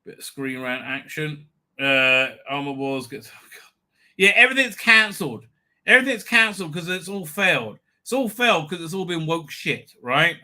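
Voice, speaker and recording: A man's voice: a little high, moderate pace, sharp tone. Crude, mocking man hosting a live stream. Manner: crude, mocking, swears a lot, breaks into jeering voices. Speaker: livestream host. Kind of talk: sarcastic live commentary.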